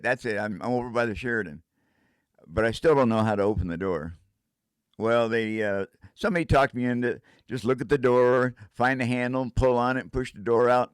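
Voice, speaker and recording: Older man, storyteller, rambling, sound effects, average pitch, dry recording. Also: smooth, dry recording. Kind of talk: casual first-person storytelling.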